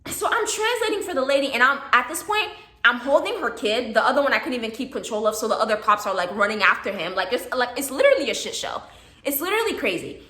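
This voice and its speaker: Animated young woman telling a story. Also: fairly high pitch, quick pace, roomy sound. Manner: animated, repeats "okay?", swears casually. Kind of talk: casual storytime monologue.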